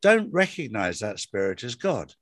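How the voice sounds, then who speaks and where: This is a man's voice at a middle pitch, recorded close with a dry sound. He tells personal stories in an easy conversational way. He repeats key words and phrases for emphasis. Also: sing-song, normal speed, fairly bright tone, no echo. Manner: storytelling, emphatic repetitions. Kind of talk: casual faith conversation.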